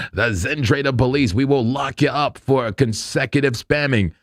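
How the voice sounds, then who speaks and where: A man's voice: mid-range voice, a little slow, no echo, studio quality. A man hosting a live crypto trading stream, chatting loosely in slang and laughing often as he talks through charts. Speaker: crypto trading livestream host. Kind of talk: casual live market commentary.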